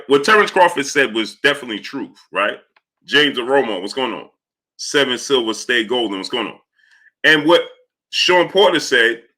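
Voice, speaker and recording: A man with a bright, forceful, mid-range voice hosts a casual live stream. He talks through his point while greeting viewers from the chat by name.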